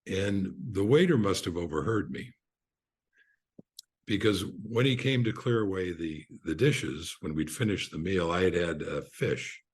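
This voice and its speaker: Deep, husky older man telling stories. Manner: unhurried storyteller with frequent restarts and fillers. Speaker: podcast guest. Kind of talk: relaxed anecdote telling.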